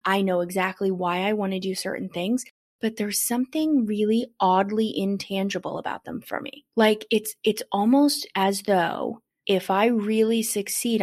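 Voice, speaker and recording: A woman hosting a podcast, chatting eagerly and quickly relating her own experience to her guest's. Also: mid-range voice, a little mellow. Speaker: podcast host. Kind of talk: casual conversation.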